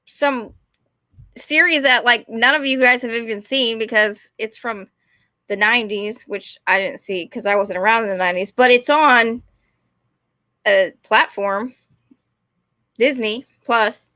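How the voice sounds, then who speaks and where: A woman's voice: a little high, measured pace, pauses often, bright, forceful tone, no echo, clean studio sound. A young woman, ranting casually and rambling, often apologizing and putting herself down. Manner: rambling, apologetic, self-deprecating. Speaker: vlogger.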